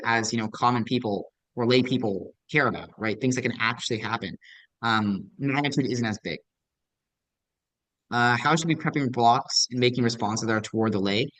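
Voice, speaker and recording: A man's voice: medium pitch, a bit bright, dry recording, low-quality recording. A young man giving a casual lecture as a debate coach, answering student questions with lots of ums and likes, patient and encouraging. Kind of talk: recorded lecture with audience questions.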